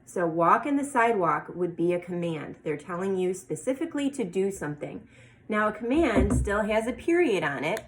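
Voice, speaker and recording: A woman teaching a first grade class, reading example sentences slowly and clearly. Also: mid-range voice, sing-song, darkish tone, a little hiss or hum, rough recording. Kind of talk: teaching a lesson to young children.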